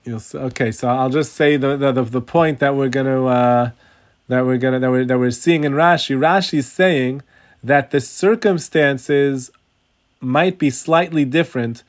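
A man teaching a Talmud class over a video call, explaining slowly, stressing key words and telling a story. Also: mid-range voice.

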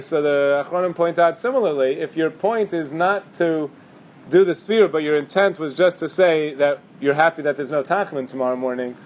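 A man's voice: a little high, a little hiss or hum. A man teaching a casual halacha class, thinking aloud with fillers and restarts. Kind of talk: casual Torah class lecture.

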